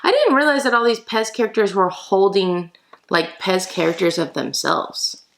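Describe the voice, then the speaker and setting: A woman vlogger chatting excitedly to her viewers while opening mystery boxes for an unboxing video. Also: medium pitch, normal speed, gravelly, poor audio. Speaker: toy collector vlogger. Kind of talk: casual unboxing vlog.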